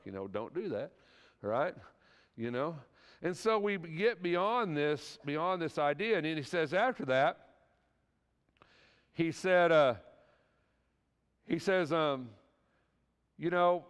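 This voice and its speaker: A man's voice: on the high side, lively intonation, a little slow, long pauses, clean tone, in a large hall. A man teaching a church class in a conversational sermon style, earnest and folksy, often asking the class rhetorical questions.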